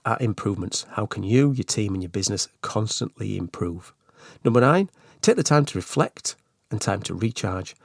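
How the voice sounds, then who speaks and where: A man's voice: lowish voice, vocal fry, dry recording, studio quality. A man hosting a solo podcast on management, talking in a chatty, earnest way with asides and restarts. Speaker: podcast host.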